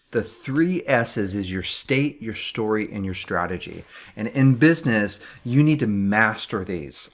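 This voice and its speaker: A man coaching business owners in a motivational talk, earnest and repetitive, restarting his phrases often. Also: medium pitch. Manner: earnest, repeats words, fillers.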